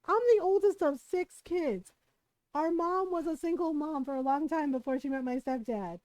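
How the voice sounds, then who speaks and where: A woman's voice: sits high, moderate pace, darkish tone, no echo. A woman streamer telling a family story in casual chat, tagging her lines with "right?" and acting out what relatives said. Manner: chatty, tags lines with "right?"; acts out family members' lines. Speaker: game streamer.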